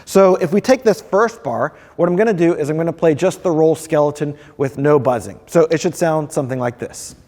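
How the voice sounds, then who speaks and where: Male percussion teacher, friendly step-by-step delivery, slightly high voice, long reverb behind him. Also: brisk, hardly any pauses, a little mellow. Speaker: percussion professor. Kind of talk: instructional video.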